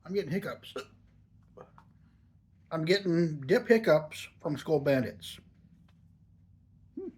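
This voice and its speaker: A man's voice: fairly high pitch, animated, slow pace, long pauses, a little mellow. A man in his forties talking in a chatty, rambling, easygoing way while reviewing a product for a casual vlog.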